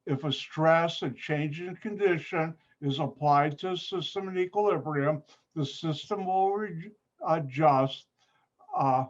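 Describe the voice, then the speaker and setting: A man teaching an online chemistry lab, unhurried and breaking his sentences up with pauses. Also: fairly high pitch. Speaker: chemistry instructor. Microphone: computer mic on a video call. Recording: dull, muffled video-call audio.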